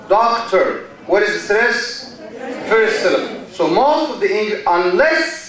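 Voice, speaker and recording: A man teaches in a big echoing hall, heard from a distance. His voice sits high and he speaks slowly, repeating words and firing questions at his students. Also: a bit bright. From Egypt. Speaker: university lecturer. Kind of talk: classroom lecture. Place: lecture hall. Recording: echoey hall, distant mic.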